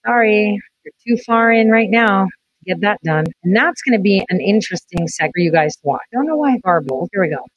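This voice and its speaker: A woman's voice: medium pitch, expressive, fairly quick, no echo, muffled recording. A woman hosting a livestream, chatting casually and talking straight to her viewers. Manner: chatty, addresses viewers directly. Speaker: host.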